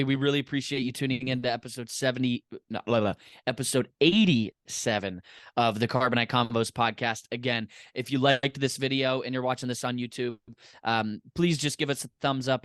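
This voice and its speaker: Enthusiastic podcast host, dry close mic. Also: male voice, medium pitch, fairly bright tone, clear, resonant tone, no echo. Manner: enthusiastic, rambling. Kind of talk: casual chat.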